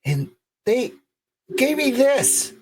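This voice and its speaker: A middle-aged man co-hosting a podcast stream, chatting in an excitable, effusive way. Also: very high-pitched, extremely slow, slight background noise. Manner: excitable and effusive, voice jumping up when thrilled. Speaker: podcast co-host. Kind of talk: casual livestream chat.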